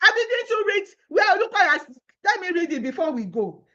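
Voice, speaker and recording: A woman's voice: very high voice, very animated, moderate pace, a bit bright. A Nigerian woman pleading and protesting in an impassioned monologue, firing off rhetorical questions. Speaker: activist vlogger. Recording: dull lo-fi phone audio.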